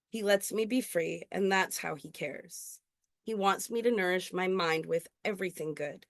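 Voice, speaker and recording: A woman performing her own spoken-word poetry at an open mic, earnest and intimate, slowing on key lines. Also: mid-range voice, creaky, no echo, studio quality. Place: indoor open mic venue.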